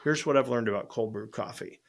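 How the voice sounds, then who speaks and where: A man hosting a podcast, telling a long story in a casual, animated way and acting out both sides of the conversation. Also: mid-range voice, brisk, creaky, a little hiss or hum. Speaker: podcast host and restaurant owner.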